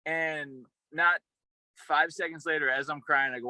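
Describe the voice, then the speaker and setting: A young man, a former college football player, telling a rambling, excited story in a casual interview, with many restarts. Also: on the high side, a little fast, no room sound, poor audio.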